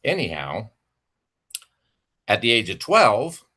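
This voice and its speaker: A man's voice: lowish voice, huge pitch swings, slow pace, bright, forceful tone, breathy edge. Heated, swearing man ranting on a livestream. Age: adult with children. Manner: profane, heated, sarcastic. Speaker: livestream host. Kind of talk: angry rant to a rival.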